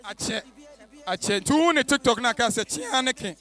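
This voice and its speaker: A man's voice: extremely high pitch, expressive, fairly quick, pushed and bright, faint music behind. A man hosting a promotional event as MC, upbeat and hyping the crowd. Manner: upbeat, hyping, switching into English.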